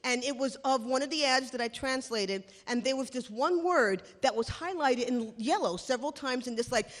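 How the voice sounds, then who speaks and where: A woman telling a funny personal story live on stage, animated and sarcastic as she acts out the scenes. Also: high voice, moderate pace, in a large hall. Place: small stage venue.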